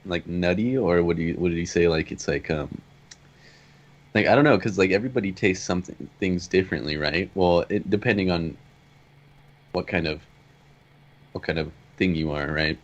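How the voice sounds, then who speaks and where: A man's voice: deep voice, normal speed, long pauses, muffled recording. A man at a tabletop game asking a rambling question full of fillers. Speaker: player.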